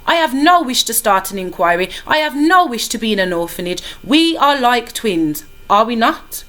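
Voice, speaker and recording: A smug French police commissioner, all threat under polite words, his thick accent pitched a little higher than a man's as a woman reading aloud puts him on. He is calm and cold, and he speaks from the classroom reading. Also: moderate pace. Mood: menacing. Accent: put-on French. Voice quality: thick accent, smooth and menacing.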